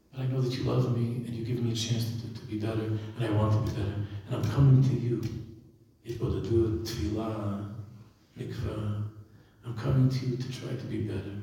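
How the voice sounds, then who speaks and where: A man, a rabbi, telling a story in an impassioned sermon that swells to loud emphasis. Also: mid-range voice, gravelly. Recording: echoey hall, distant mic.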